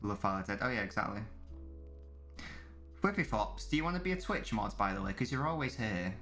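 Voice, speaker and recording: A man's voice: lowish voice, sing-song, brisk, a bit bright, faint music behind. A man hosting a live football watchalong stream, chatting casually with viewers and commentating on the match in a rambling way. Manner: rambling, chatty, many restarts, reads chat aloud.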